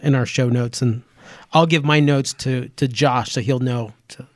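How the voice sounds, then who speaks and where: A man's voice: medium pitch, steady tone, moderate pace, no echo. A man co-hosting a podcast in a small studio, reading out upcoming events in a loose, joking way. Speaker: podcast co-host. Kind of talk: casual chat.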